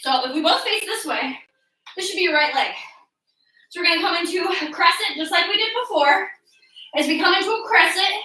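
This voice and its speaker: A woman fitness instructor coaching a workout class, energetic and encouraging, whooping and cheering, out of breath from exercising along. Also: high voice. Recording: echoey room, mic at a distance.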